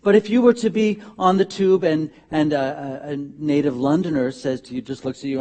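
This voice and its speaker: Unhurried and fairly high-voiced, a minister preaches in a church sanctuary with a conversational, comic style and animated side remarks.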